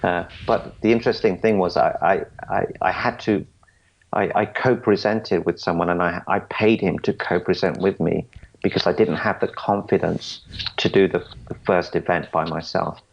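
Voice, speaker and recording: Interview guest, man in his forties, deep and gravelly, earnest storyteller who stammers, muffled lo-fi audio. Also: fairly even intonation, moderate pace. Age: 40s. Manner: earnest, stammers and restarts, quotes others. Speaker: podcast guest.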